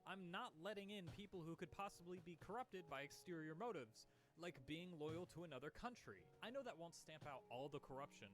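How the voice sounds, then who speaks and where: A man's voice: on the high side, expressive, fairly quick. A young man streaming a sarcastic movie commentary, mocking the plot with rhetorical questions.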